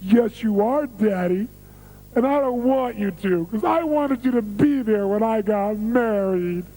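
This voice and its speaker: A man's voice: high-pitched, measured pace, mellow, pitched above the performer's own voice, poor audio. A man voicing a tearful five-year-old girl who pleads with her father. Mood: pleading. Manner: pleading, sobbing.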